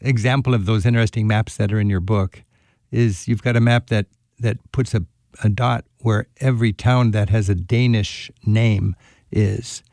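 A male radio host with a low, gravelly, mellow voice. He chats in a folksy, enthusiastic way, full of small fillers, and the studio sound is dry with faint music underneath. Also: fairly even intonation, moderate pace, no echo. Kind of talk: conversational radio interview.

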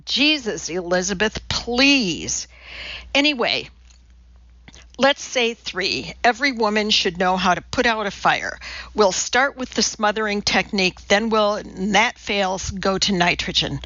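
Slow, crisp, deadpan woman narrator. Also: mid-range voice, no echo. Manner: deadpan, precise, lecturing delivery. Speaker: audiobook narrator. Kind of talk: scripted narration. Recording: dull lo-fi dry audiobook recording.

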